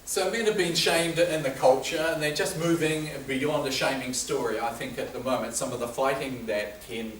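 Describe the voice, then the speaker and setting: A man's voice: mid-range voice, steady tone, moderate pace, few pauses, a bit bright, slight background noise. A middle-aged man giving an informal lecture, telling stories in a conversational way. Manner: conversational, anecdotal storytelling. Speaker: speaker at a men's health talk. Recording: roomy hall, distant mic, faint ambience.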